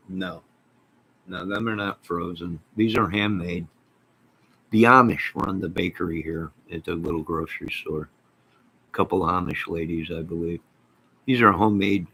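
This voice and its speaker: Male channel host, low-pitched, husky, excitable folksy rambler, casual live-stream chat. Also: moderate pace, pauses often, poor audio.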